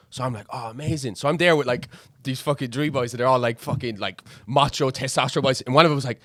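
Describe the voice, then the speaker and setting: A man's voice: mid-range voice, fast, a bit bright, no room sound, studio quality. A young man telling a crude anecdote as a podcast guest, swearing freely in casual chat.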